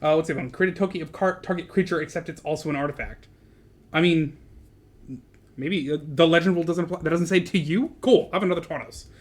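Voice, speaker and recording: A man hosting a card game stream in casual chat, excitable, laughing often and swearing. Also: a little high, quick pace.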